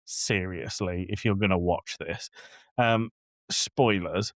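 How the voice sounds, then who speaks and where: Speaking slowly in a low, fairly bright voice, this podcast co-host vents his exasperation during a relaxed film review. He acts out scenes and quotes the movie as he rants. The sound is clean studio audio with a dry character.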